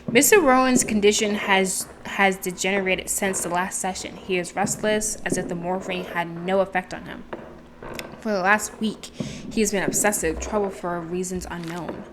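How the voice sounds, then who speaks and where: A woman's voice: mid-range voice, noisy background. A woman hosting a let's play, reading a story game's text aloud with casual asides. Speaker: gaming channel host. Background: game music.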